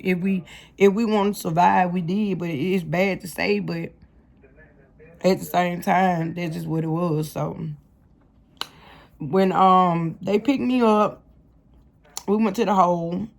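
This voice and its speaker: A young woman with a low, gravelly voice tells her life story straight to her viewers. She talks casually in slang and keeps calling her audience "y'all".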